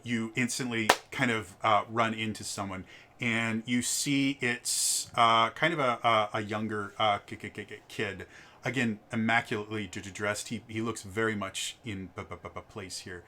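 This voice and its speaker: A man's voice: fairly low pitch, pushed and bright. A man narrating as game master in a tabletop game, stammering with many fillers.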